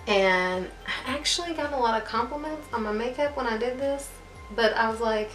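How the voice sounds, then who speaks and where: A woman's voice: fairly high pitch, moderate pace, a bit bright. Chatty young woman vlogger in an echoey room. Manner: chatty, self-deprecating, laughs at herself. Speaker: beauty vlogger. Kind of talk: casual rambling chat to camera. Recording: echoey room with faint music.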